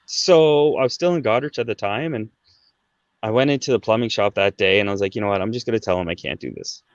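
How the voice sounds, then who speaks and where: Speaking fast in a fairly low voice, a Canadian podcast guest in his thirties recounts a personal story, chatty and casual, with frequent "right?" and "like" fillers. The recording is dry and dull.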